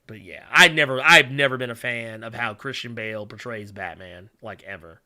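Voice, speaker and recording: A man's voice: mid-range voice, normal speed, sharp tone. A man hosting a casual solo show, rambling with many fillers, humming while he reads viewer chat and turning blunt and profane when he rants. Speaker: podcast host.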